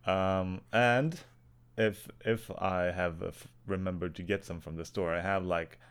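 A young Swedish man co-hosting a podcast in casual chat, deadpan and often swearing. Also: sits low, unhurried, smooth. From Sweden. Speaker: podcast co-host.

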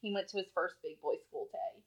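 A woman's voice: on the low side, animated, brisk. Chatty woman on a lo-fi recording. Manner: chatty, laughs often, swears casually. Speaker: podcast co-host. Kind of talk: casual chat. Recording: dull lo-fi sound.

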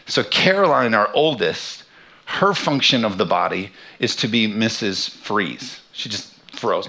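A pastor in his thirties delivers a sermon in church, weaving in a humorous, self-deprecating story about his family. His voice sits somewhat low but carries a bright, forceful edge. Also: expressive, a little slow. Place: church sanctuary.

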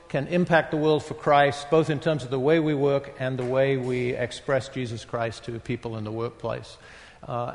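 A man in his sixties with a northeast English accent, giving a talk to a live audience in a halting, conversational way. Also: on the high side. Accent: northeast English, softened by decades in the US. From northeast England. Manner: conversational, halting, with many fillers and self-deprecating asides. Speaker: guest speaker at a retreat. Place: large hall with an audience. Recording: long reverb of a large hall.

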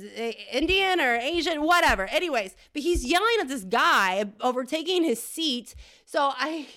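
A woman's voice: on the high side, a bit bright. A woman podcast host doing a rambling, crude comedic monologue, often tagging "okay?".

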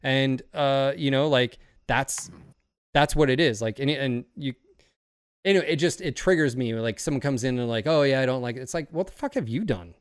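A man in casual podcast talk, rambling and swearing freely as he gets worked up. His voice sits at an ordinary pitch. The recording is dry and close, with no room echo. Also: normal speed. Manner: rambling, profane, fired up. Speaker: streamer and podcast host.

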